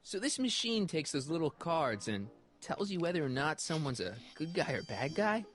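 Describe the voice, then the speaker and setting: A man's voice: fairly high pitch, big pitch swings, normal speed, music in the background. An actor playing a skeptical, curious young man in a video game, speaking dryly. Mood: wry. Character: wry, skeptical young male sidekick.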